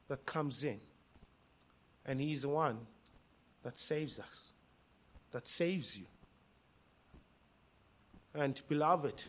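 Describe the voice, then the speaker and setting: A male pastor preaching a sermon, impassioned, swinging between hushed lines and loud cries. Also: a little high.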